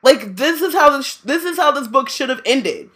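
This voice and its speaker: A woman's voice: sits high, expressive, moderate pace, a bit bright. A woman chatting casually about a book, blunt and free with swearing. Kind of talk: casual chat.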